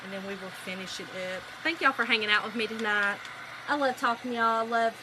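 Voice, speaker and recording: Against a noisy background, a middle-aged woman with a high-sided voice talks quickly. She hosts a craft video, gossiping and telling stories to her viewers in casual chat as she works.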